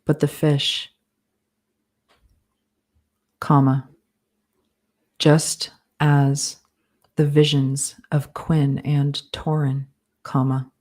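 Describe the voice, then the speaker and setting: A woman author dictating her novel live, slowly reading out each comma and period as she composes. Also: deep voice, level tone, darkish tone. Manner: slow, measured, speaking punctuation aloud. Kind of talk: live dictation of fiction with spoken punctuation.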